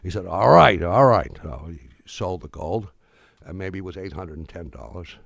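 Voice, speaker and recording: An older man giving a talk to an audience, telling a story in a halting, wry way with many restarts. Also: low-pitched, darkish tone, breathy edge, no echo, studio quality.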